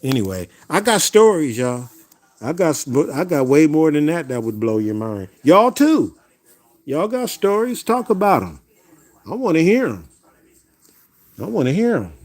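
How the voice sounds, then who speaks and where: A man's voice: fairly high pitch, big pitch swings, normal speed, a little mellow. A man hosting a livestream, casually telling stories to his viewers in a rambling way, repeating words as he goes and talking straight to his audience. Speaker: livestream host. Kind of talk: casual storytelling to a live chat.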